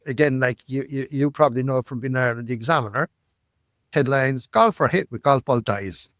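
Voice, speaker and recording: A man, telling life stories as a podcast guest, animated and repeating words, often tagging lines with "right?". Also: mid-range voice, normal speed, no echo, studio quality. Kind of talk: storytelling interview.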